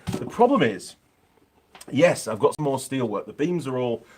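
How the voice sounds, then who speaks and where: A man's voice: medium pitch, animated, normal speed, a little mellow, a little hiss or hum. A man with a Yorkshire accent chatting casually on a live stream from his home workshop, reading out viewer comments with plenty of ums.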